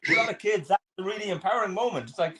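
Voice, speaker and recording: A man's voice: high-pitched, animated, very fast, pushed and bright. A man guest in a casual chat, speaking earnestly.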